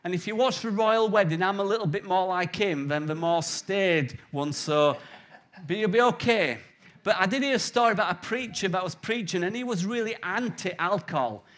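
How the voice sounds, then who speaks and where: High-voiced preacher in his forties. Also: normal speed, fairly bright tone. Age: 40s. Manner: jokey, anecdotal, conversational. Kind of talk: sermon.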